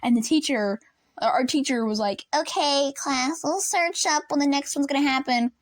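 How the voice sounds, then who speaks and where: High, animated young woman storyteller. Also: normal speed, dry recording. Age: young adult. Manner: animated, acts out classmates and teachers. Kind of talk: casual storytime. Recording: dry close room, faint lamp buzz.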